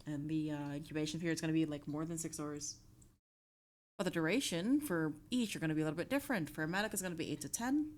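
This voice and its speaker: A woman's voice: low voice, fast talker, darkish tone. A woman streaming live, chatting casually with her chat and reviewing study notes, playful and teasing, often repeating lines.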